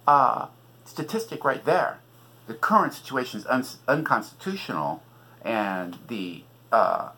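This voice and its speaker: Husky-voiced man ranting about politics. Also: mid-range voice, sharp tone, poor audio. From California. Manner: agitated, profane, sarcastic. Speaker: podcast host and author.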